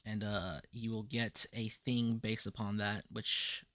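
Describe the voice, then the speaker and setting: A man's voice: lowish voice, takes it slowly, no room sound. A man running a casual tabletop session zero as game master, joking with his players and reading out setting lore. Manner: relaxed, joking, reads lore aloud.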